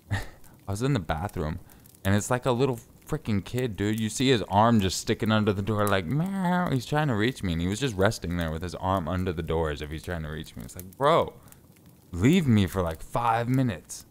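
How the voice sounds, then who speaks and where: A man's voice: lowish voice, lively intonation, moderate pace. A man chatting casually on a live stream from a home closet, laid-back and joking, swearing freely, a little stuffy from sinus trouble.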